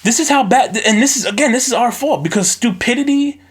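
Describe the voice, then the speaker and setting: A man hosting a solo podcast recorded on a phone, ranting in an animated, profane way. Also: very high voice, brisk, husky. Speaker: podcast host.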